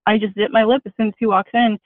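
A woman's voice: medium pitch, flat delivery, fast talker, no room sound. A woman calling into a podcast, telling her story in a chatty, self-deprecating way. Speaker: caller. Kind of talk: casual phone call-in. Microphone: phone line. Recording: tinny dry phone line.

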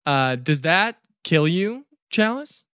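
This game master runs a tabletop session and moves things along with brisk prompts and questions to the players. The voice rises and falls a lot. The recording is close and dry, with no room echo. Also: medium pitch, very animated, a bit bright, clear, resonant tone.

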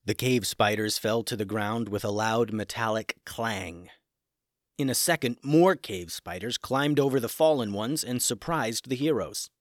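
A man narrating a scripted children's adventure story in an animated, dramatic way. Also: lowish voice, a little slow, no echo, clean studio sound.

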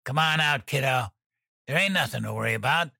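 A man's voice: mid-range voice, fairly quick, creaky, pushed and bright, dry recording, voice pushed up, heavily acted. Guy doing a drunk whiny panicky thug in a dry close audiobook voice. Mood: falsely calm. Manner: whining, panicky, swearing. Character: drunk anxious male drug dealer.

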